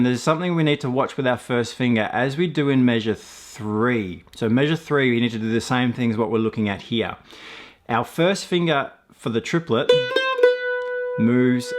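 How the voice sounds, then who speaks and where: A man's voice: mid-range voice, moderate pace, faint music behind. A man teaching a mandolin tune step by step, patiently counting beats and calling out pick strokes. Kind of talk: step-by-step music lesson. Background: loud mandolin playing.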